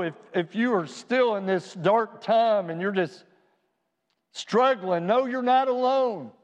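A middle-aged man preaching a sermon as pastor, earnest and pastoral, at times rising to fervent emphasis. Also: a little high. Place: church sanctuary. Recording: long reverb in a church hall.

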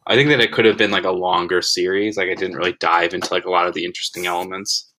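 A young man with a bright, forceful edge to a low-set voice, chatting on a podcast. He piles up fillers and restarts but lands his opinions firmly. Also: steady tone, low-quality recording. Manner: quick, filler-heavy, opinionated. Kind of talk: casual chat.

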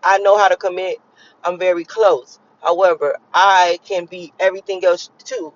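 A woman's voice: on the low side, steady tone, moderate pace, dry recording. Woman vlogging, blunt and cussing a lot, preachy pep talk that rambles, muffled lo-fi audio. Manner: blunt, profane, preachy, wandering. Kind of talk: casual motivational talk to viewers.

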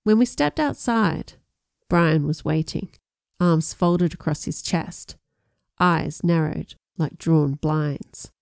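A woman narrating a first-person audiobook in a measured storytelling way, with lively voiced dialogue. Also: sits low, vocal fry, no echo, studio quality.

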